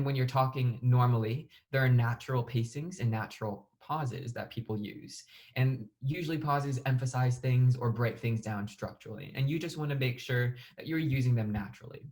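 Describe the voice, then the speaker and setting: A young man walks through a debate lesson in a plain, even way. His voice sits in the middle register, neither deep nor high. Now and then he pauses on an um or restarts a word. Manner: plain, even delivery with occasional fillers and restarts. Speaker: debate instructor. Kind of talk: explanatory lesson.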